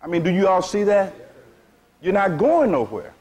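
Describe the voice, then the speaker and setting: This spiritual teacher has a high-sitting voice with a darkish tone, very animated and at normal speed. Preaching a sermon to a seated audience, he speaks frankly in everyday language and keeps asking "you see?".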